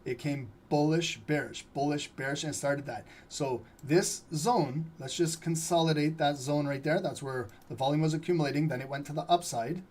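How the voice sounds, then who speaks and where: A man's voice: on the high side, moderate pace, few pauses, darkish tone. A man hosting a live trading stream, talking casually through charts and asking viewers questions. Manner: casual, asks viewers questions, frequent "okay?". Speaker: trading livestream host. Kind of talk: live market analysis.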